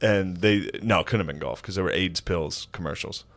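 A man's voice: deep voice, fairly quick, a bit bright. A young man telling funny family stories on a podcast, swearing freely and laughing through them. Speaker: podcast host. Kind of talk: casual comedic storytelling.

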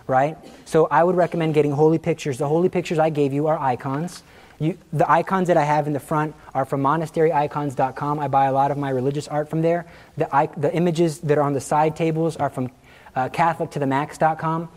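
A man teaching a class through personal stories, his voice sitting a bit high for a man. He tells his stories with animation, breaks into laughter at his own jokes and acts out the people he quotes. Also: steady tone, fast talker, a little mellow. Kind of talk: anecdotal classroom talk.

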